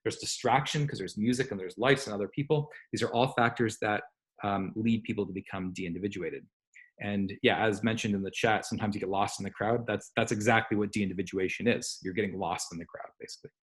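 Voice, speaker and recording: Man, lecturer, slightly low pitch, conversational, fillers and self-corrections, explains with examples. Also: brisk. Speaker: psychology lecturer. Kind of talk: online university lecture.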